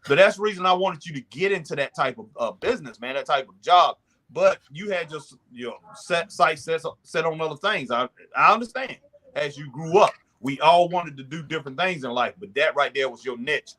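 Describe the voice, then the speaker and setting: Male host, casual chat, bright edgy tone, slightly high pitch, loose and repetitive. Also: animated, a little fast. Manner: chatty, repeats himself, drops into mimicking voices. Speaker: show host.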